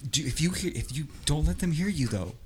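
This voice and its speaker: A man playing a husky, bossy plotting accomplice. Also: fairly high pitch, expressive. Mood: conspiratorial. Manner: urgent, bossy, quick to swear. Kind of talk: improvised comedy scene.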